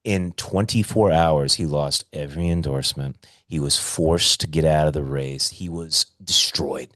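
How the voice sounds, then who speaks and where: A man's voice: extremely low pitch, unhurried, fairly bright tone, dry recording, studio quality. A young man co-hosting a podcast over a call, earnest and incredulous, repeating himself for emphasis. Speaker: podcast co-host. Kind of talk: casual podcast chat. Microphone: remote call.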